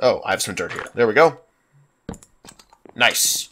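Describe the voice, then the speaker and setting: A man's voice: mid-range voice, very animated, moderate pace, pauses often, fairly bright tone, slight background noise. A man with a congested, sinus-stuffed voice giving rambling, self-mocking let's play commentary at a desktop microphone. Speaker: gaming YouTuber.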